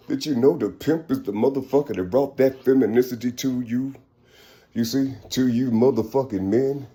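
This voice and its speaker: A man ranting in a preachy, profane spiritual monologue, often shouting and checking in with the listener. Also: medium pitch, roomy sound. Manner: preachy, profane, keeps asking "you see"; bursts into shouting and laughter.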